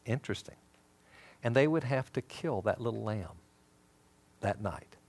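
A man's voice: lowish voice, a little slow, slightly rough. A man teaching a Bible lesson in a sermon style, telling stories and acting out the dialogue. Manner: animated storytelling, acting out dialogue.

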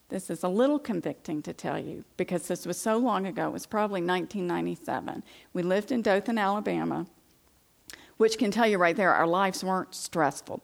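A middle-aged woman gives a personal Christian testimony to an audience of women. Her voice carries a steady vocal fry at a middle pitch. She tells the story with animation and acts out her own past indignation. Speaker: Christian speaker addressing women.

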